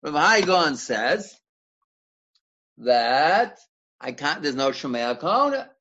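A man's voice: fairly high pitch, big pitch swings, slow pace, pushed and bright, a little hiss or hum. A man teaching a Torah study class, explaining step by step and quoting Hebrew and Aramaic sources, often restarting words as he thinks. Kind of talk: Talmudic study lecture. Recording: dull lo-fi recording.

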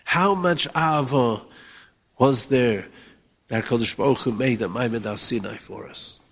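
A man with a Yeshivish English accent teaching Torah, chanting Hebrew verses in a sing-song that swings from hushed to soaring. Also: mid-range voice, unhurried, husky, big-room sound. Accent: Yeshivish English with Ashkenazi Hebrew pronunciation. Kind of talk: Yiddish-inflected Torah talk.

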